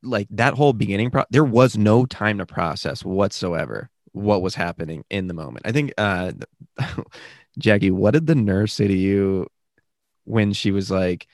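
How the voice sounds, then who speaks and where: A young man talks through a story in an easy, rambling way, with lots of fillers and sudden bursts of energy. His voice sits a little low. The sound is dry and close. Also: a little slow, no room sound. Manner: animated, rambling with many fillers. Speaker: podcast guest, new father. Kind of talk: casual storytelling chat.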